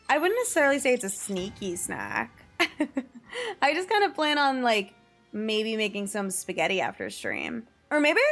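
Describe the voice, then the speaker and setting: A woman's voice: fairly high pitch, a bit bright. Chatty, giggly young woman streamer. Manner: chatty, rambling, giggly, lots of "like" fillers. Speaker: livestreamer. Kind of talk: casual livestream chat with viewers.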